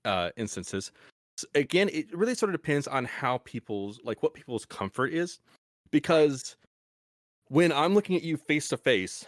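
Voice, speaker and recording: A man's voice: fairly high pitch, sing-song, normal speed, no echo, clean studio sound. A young man hosting a podcast, explaining in a casual, rambling way with frequent restarts. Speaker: podcast host.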